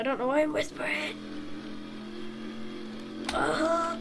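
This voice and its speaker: A woman's voice: high voice, measured pace. A young woman giving casual, rambling commentary while playing a driving game, humming little tunes between remarks. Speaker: gaming video creator. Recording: clear game engine noise behind.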